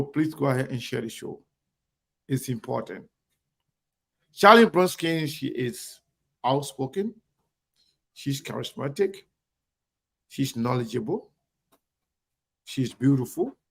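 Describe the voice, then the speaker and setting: A man hosts a live online talk show, calling out viewers and pressing his points with emphatic repetition. His voice sits a little high and carries a gravelly fry. He talks straight to his audience. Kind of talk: live show shout-outs and commentary.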